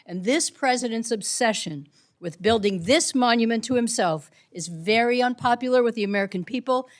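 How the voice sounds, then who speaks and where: A woman committee member delivering an earnest closing statement with pointed appeals to colleagues. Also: mid-range voice. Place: committee hearing room.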